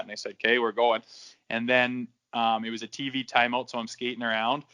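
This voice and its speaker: Guy in his 30s swearing his way thru old fight stories, kinda monotone. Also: mid-range voice, a little fast. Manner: swears freely, acts out quoted dialogue. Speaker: guest, former hockey enforcer. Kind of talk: casual storytelling in a podcast interview.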